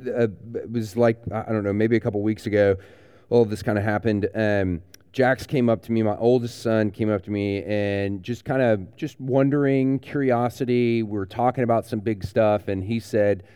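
A man's voice: fairly low pitch, warm tone, clean tone, no room sound, clean studio sound. A man, a pastor giving a playful, joking children's sermon in a conversational way.

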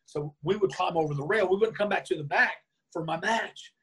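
A man being interviewed, telling a lively anecdote and acting out the lines of the people in it. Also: high voice, brisk, breathy edge. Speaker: interview guest. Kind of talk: storytelling in a conversation.

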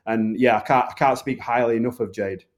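A man's voice: mid-range voice, steady tone, fairly quick. Earnest Northern English man, rambling. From Northern England. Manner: earnest, rambling, filler-heavy. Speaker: film director, guest. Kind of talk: casual interview talk.

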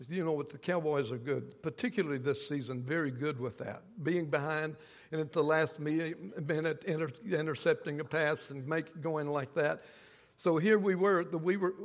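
An older man preaching a sermon as pastor, telling a story in a halting way and often repeating his words. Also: fairly high pitch, long reverb tail.

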